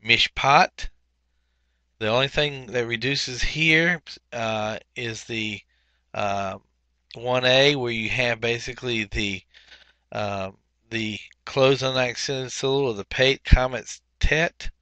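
A man walks through a grammar workbook as a teacher, talking slowly and methodically with frequent pauses. His voice has a bright, forward edge, and the recording is dry with no room sound. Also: medium pitch, clean tone, dry recording. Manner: methodical, pauses often with fillers while explaining. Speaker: Biblical Hebrew teacher. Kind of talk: recorded workbook walkthrough lesson.

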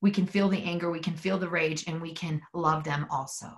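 Gravelly-voiced woman leading a spiritual session. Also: sits low, fairly even intonation, brisk. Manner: earnest, intimate, swears freely, leads call-and-response prayer. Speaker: spiritual workshop leader. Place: home in the mountains.

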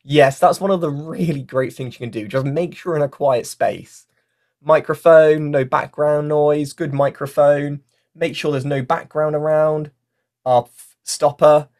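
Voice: mid-range voice, fairly even intonation, unhurried, darkish tone. A workshop facilitator giving a casual online lesson, talking into a mic with a fluffy cover and often using fillers like "like" and "you know". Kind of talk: casual online workshop teaching, reading out chat comments. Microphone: mic with a fluffy foam cover.

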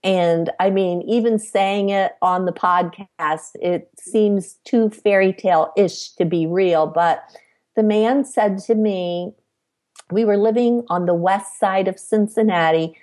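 Unhurried middle-aged woman, personal storytelling, measured delivery, podcast guest. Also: medium pitch, darkish tone. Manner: measured, acts out quoted dialogue.

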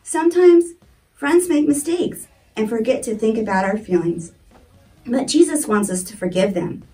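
A woman reading as a gentle grandma. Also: on the high side, animated, moderate pace, recorded from a distance, faint music behind, lightly acted. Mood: tender. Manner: soft and reassuring.

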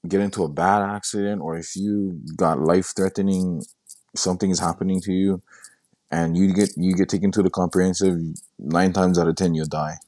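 A young man casually telling a personal story in a halting way, often repeating himself and quoting what he said. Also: low-pitched, steady tone, a little mellow, dry recording. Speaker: guest sharing his story.

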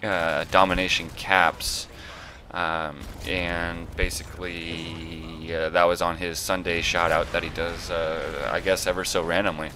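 A young man with a low, bright-edged voice talks over his gameplay in a loose, rambling way. He mocks himself, trails off, and swears casually. A faint hum sits under him. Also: little pitch movement, a little slow. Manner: rambling, self-mocking, lots of filler and cursing. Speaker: gameplay commentator. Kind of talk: casual game commentary.

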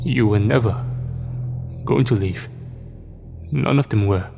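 A man's voice: fairly low pitch, slow, gravelly, long reverb tail, over music. A man playing a haunted old prepper. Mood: weary, haunted. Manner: quiet, weary, haunted. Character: unhinged older male doomsday prepper, grief-worn.

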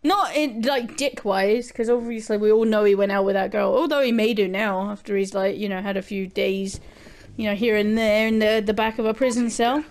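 A young woman chatting casually and bluntly with her viewers, crude and quick to giggle. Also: mid-range voice, steady tone, a little mellow. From Britain. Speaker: gaming livestreamer. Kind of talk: casual chat answering viewer questions.

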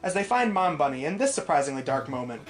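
A woman's voice: deep voice, very animated, quick pace. A woman from New York reviewing a film in snarky, mocking commentary. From New York, USA. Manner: snarky, mocking, growing exasperated. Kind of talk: sarcastic movie review commentary.

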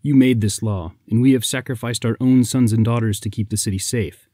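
A man's voice: medium pitch, steady tone, a little fast, mellow, no echo, studio quality, close to an everyday voice. A man voicing an angry townsman who bitterly rebukes his king. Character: angry townsman speaking for the crowd.

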